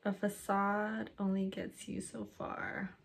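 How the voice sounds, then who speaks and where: A woman's voice: medium pitch, flat delivery, takes it slowly, creaky. A young woman casually chatting to viewers while pranking her boyfriend, laughing often and making playful asides. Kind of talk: casual prank vlog chat.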